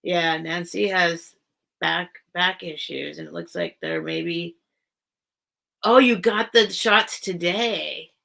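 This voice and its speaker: Slow and creaky, this woman's lowish voice has a sharp edge as she hosts a casual live-stream sale. She chats along, reads out bids, and keeps cutting off her own sentences.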